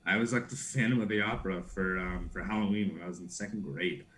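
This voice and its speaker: A man's voice: deep voice, steady tone, fast, fairly bright tone. A young man, a guest actor, chatting casually and playfully on a live stream, giggling and dropping into silly accents.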